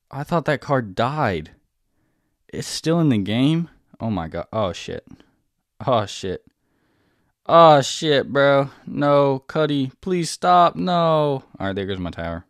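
A young man giving casual, excitable commentary over his own gameplay, swearing and breaking into sudden loud outbursts. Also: on the low side, no room sound, clean studio sound. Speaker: gaming video creator.

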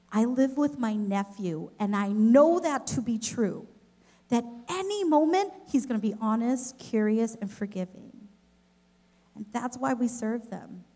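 A woman giving a children's message at a church service, telling a personal story in an expressive, gentle way to the kids and then to the families. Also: mid-range voice. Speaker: children's director. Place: church service, in front of a congregation.

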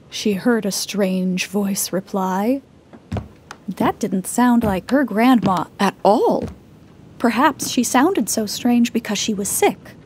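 A woman narrating a children's fairy tale in a gentle, expressive storybook manner. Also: mid-range voice, husky. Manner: slow, gentle, expressive reading.

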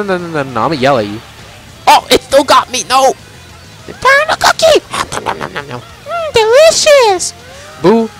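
Animated young man gaming, trash-talking. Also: medium pitch, poor audio. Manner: animated, jokey trash talk at the game, frequent "bro". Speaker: gaming YouTuber. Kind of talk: casual gameplay commentary.

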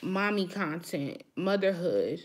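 A woman's voice: on the low side, big pitch swings, slow pace. A woman hosting a live chat with her viewers, talking frankly and emphatically straight to them.

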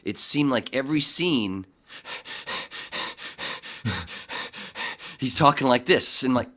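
A man's voice: medium pitch, animated, slow pace, pauses often, bright, forceful tone. A man hosting a podcast, talking casually and bluntly with plenty of swearing, rambling through his thoughts. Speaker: podcast host.

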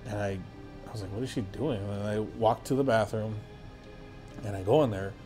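A man's voice: on the low side, moderate pace, warm tone, soft background music. A man guesting on a podcast, telling a story in a rambling, casual way full of filler words and swearing.

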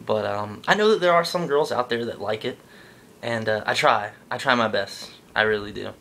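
Gravelly, awkward, self-mocking young man. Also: fairly low pitch, normal speed, a bit bright. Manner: awkward, self-deprecating, jokey. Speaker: vlogger. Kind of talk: comedic vlog monologue.

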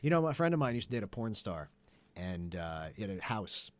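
A man telling funny stories in casual comedic chat, with deadpan fibs and laughter at his own jokes. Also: fairly low pitch, normal speed, no room sound. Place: studio.

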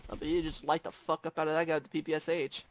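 A man hosting casual gameplay commentary, excitable, often screaming and swearing. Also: on the high side, racing, slight background noise. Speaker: gaming channel host.

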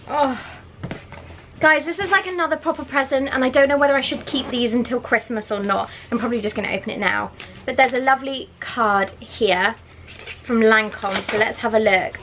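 A young woman from England chats to camera in a casual home vlog, gushing and excitable. Her voice sits fairly high. A faint hiss runs under the recording. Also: rough recording. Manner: gushing and excitable, goes high and sing-song when talking to her puppy. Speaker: lifestyle vlogger. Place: at home indoors.

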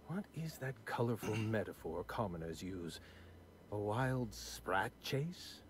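A man's voice: on the low side, expressive, slow pace, slight background noise. An actor playing a prim, numbers-obsessed aristocratic man in video game dialogue, fussy and condescending with precise diction. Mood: dry.

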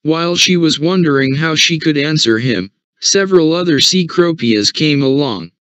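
A man narrating a short story for English learners in an even, measured reading. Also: on the high side, smooth, dry recording. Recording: dull, dry recording.

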